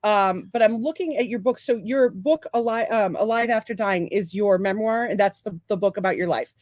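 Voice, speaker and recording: A woman's voice: medium pitch, normal speed, a little mellow, no room sound. A woman hosting a casual podcast interview, asking questions in a friendly, somewhat hesitant way. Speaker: podcast host.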